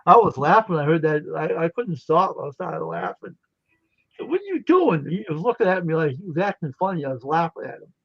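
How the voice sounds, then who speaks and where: Brief: male co-host, higher voice, animated and crude, laughs through his stories; dry, dull stream audio. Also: fairly quick, gravelly, no echo. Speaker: livestream co-host. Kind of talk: casual storytelling chat.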